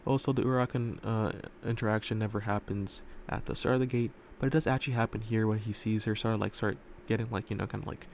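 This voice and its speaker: A man's voice: lowish voice, steady tone, fast talker, vocal fry, hardly any pauses, a little mellow, slight background noise. A man telling a fan story casually, rambling with lots of fillers and loose swearing, recorded in a room at home.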